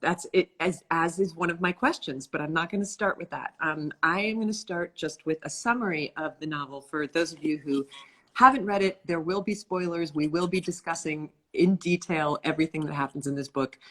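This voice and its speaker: A woman with a fairly low voice hosts a casual live stream. She is bubbly and affectionate, greeting her viewers warmly and laughing often. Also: brisk. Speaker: host of a live-stream author interview.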